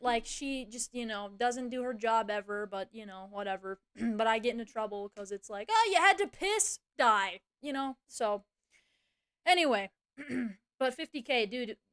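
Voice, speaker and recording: A young woman streamer chatting casually, rambling through a story and swearing freely. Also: fairly high pitch. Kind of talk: casual livestream chat.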